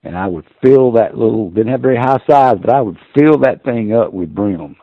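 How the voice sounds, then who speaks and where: A man's voice: medium pitch, expressive, normal speed, creaky, no room sound. A man in his sixties, a podcast guest, telling rambling folksy stories with many fillers. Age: 60s. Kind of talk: casual storytelling. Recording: tinny phone-like line.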